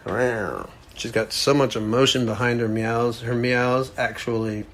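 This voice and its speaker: Dude with a creaky voice just rambling on his podcast, jokey, wandering off topic. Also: on the low side, a bit bright, slight background noise. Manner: joking, wandering, self-mocking. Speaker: podcast host. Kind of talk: casual rambling monologue.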